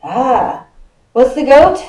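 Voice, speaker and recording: A woman pastor in her fifties delivers a conversational sermon in a church sanctuary, her high, very animated voice moving very slowly with a slightly mellow quality. She chats with the congregation, quizzes them, and laughs often, and the recording carries the sanctuary's echo.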